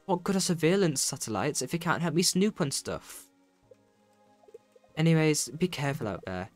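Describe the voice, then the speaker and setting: A man putting on a sly woman rancher's voice, teasing her old friend. She speaks casually and a little mockingly, pitched somewhat high. Soft game music plays underneath. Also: big pitch swings, normal speed. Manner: teasing, casual read-aloud delivery. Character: cheeky, teasing woman rancher, rival and mentor. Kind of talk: reading game dialogue aloud in a character voice.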